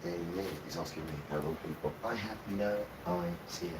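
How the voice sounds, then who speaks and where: Low-voiced man preaching off the cuff. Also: normal speed. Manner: rambling, swings from mutters to loud outbursts. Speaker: livestream host. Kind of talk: informal scripture talk on a livestream. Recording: distant mic with steady background noise.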